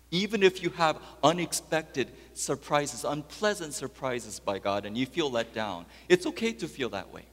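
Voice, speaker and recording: A man preaching a sermon as pastor, dropping soft and low, then rising to loud, high emphatic peaks. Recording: long hall reverb.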